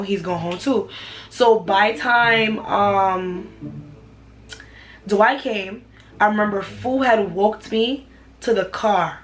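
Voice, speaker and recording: A young woman, casually retelling a personal story for her vlog, animated and repetitive. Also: medium pitch, slight background noise, low-quality recording. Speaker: vlogger.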